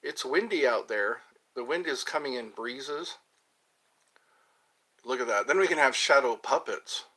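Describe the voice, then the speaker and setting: A man's voice: medium pitch, animated, measured pace, pauses often, pushed and bright. A man hosting a casual livestream, rambling, reading out viewer questions and answering them while eating yogurt. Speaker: livestream host.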